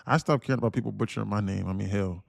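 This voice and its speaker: A man's voice: fairly low pitch, very fast, vocal fry, no room sound, clean studio sound. A man streaming live day trading, talking casually and laughing as he reads chat aloud. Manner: laid-back, chuckling, reads chat aloud.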